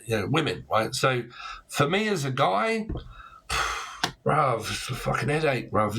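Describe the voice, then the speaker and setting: Man, tarot reader, casual, blunt, slangy, rambling, breathy husky tone, mid pitch. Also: bright, forceful tone. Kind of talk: casual tarot reading to camera.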